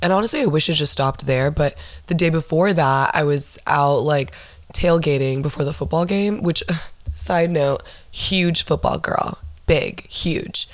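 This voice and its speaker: A young woman in her twenties hosting a solo podcast, telling stories in a blunt, profane, animated way. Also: low voice, measured pace, no room sound. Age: 20s. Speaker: podcast host. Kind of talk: casual solo chat.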